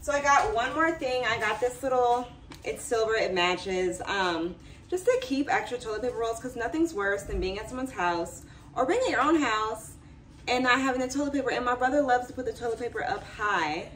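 A young woman talking casually to camera in her home as a vlogger, chatty and animated. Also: a little high, moderate pace, far from the mic, slight background noise. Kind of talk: casual vlog chat to camera.

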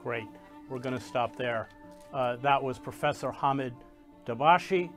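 A man hosting an interview, speaking in a measured, deliberate way with filler pauses. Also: mid-range voice, soft background music. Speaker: interview host. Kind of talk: interview, reading a passage aloud.

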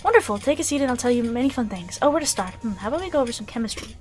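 Brief: a woman as a polite teacher character, gentle and bright-pitched, over faint game music. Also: expressive, racing, natural voice. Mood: kindly.

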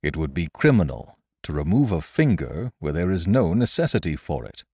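A man's voice: low voice, very animated, moderate pace, no room sound, studio quality. A man voicing a severe middle-aged surgeon who speaks bluntly and emphatically. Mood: stern.

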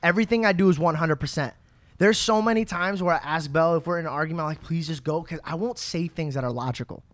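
A man's voice: a little high, quick pace, a bit bright, no room sound. Passionate, swearing male podcast co-host. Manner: passionate, swears freely, stumbles over words when upset. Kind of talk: casual podcast chat.

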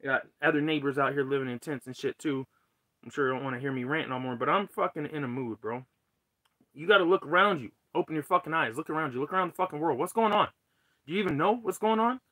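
A man's voice: medium pitch, fast, fairly bright tone, no room sound. A man live-streaming an angry, profane rant from his tent as a cannabis vlogger. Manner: heated, profane, ranting. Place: tent under a carport.

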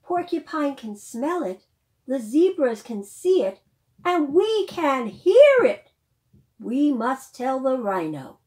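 A woman voicing excited storybook baboons, high calling voices, loud. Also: takes it slowly, heavily acted.

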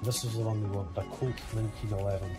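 A man's voice: fairly low pitch, fairly even intonation, fast. A man, a father, chatting casually to his viewers in a family vlog and calling them guys. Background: background music.

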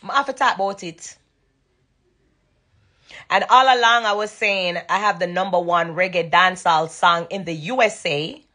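A woman's voice: on the low side, normal speed, pushed and bright. A young woman with a Jamaican accent chatting to fans on a live stream from her bedroom, emphatic and repetitive, slipping into patois. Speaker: dancehall singer thanking fans on a live stream. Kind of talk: casual live-stream chat. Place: bedroom at night.

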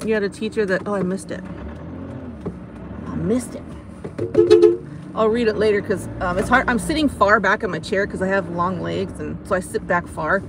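An American woman hosting a casual live stream from inside a car, chatty and giggly and quick to poke fun at herself, talking into a phone held up. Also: medium pitch. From United States. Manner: chatty, giggly, self-mocking. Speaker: livestream host. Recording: car road noise.

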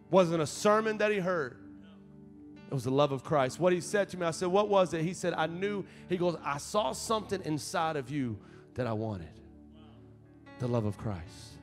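A young associate pastor preaches in a church sanctuary, sharing a personal story conversationally before building to fervent appeals. His voice is a little high and expressive, at a moderate pace, with soft music in the background.

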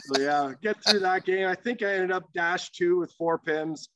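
A high male voice at normal speed belongs to an ex-hockey pro sharing profane, laugh-punctuated stories as a podcast guest. His manner is animated and the talk is casual storytelling, captured in a dry recording.

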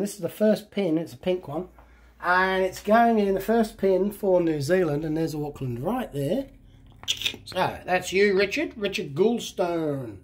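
Upbeat man thanking his viewers. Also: fairly high pitch. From England. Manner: chatty, upbeat, talks to viewers while working. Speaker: channel host. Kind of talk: casual vlog chat.

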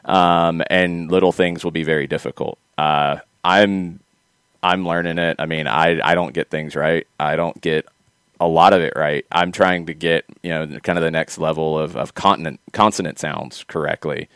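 A man's voice: a bass voice, little pitch movement, normal speed, fairly bright tone, smooth, no room sound. A man hosting a casual soccer talk show, chatty and rambling, correcting himself as he goes. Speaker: podcast host.

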